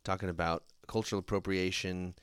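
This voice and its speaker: A man's voice: sits low, flat delivery, fairly quick, clean tone, no echo, studio quality. A man hosting a podcast, chatting casually and repeating words as he thinks aloud. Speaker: podcast host. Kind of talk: casual chat.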